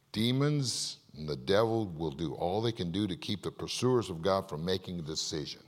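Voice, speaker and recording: Give me a man preaching with a lively, swooping delivery, questioning his listeners. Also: low voice, fairly quick, few pauses. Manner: animated, asks the congregation questions, acts out stories. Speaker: pastor. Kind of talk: sermon. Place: church. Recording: long reverb of a large hall.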